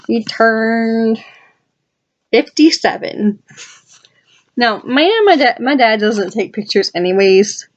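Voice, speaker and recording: A woman's voice: a little high, animated, takes it slowly, long pauses, highs cut off. A woman vlogger chatting casually and with enthusiasm as she flips through her journal, adding asides to her viewers. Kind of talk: casual rambling chat.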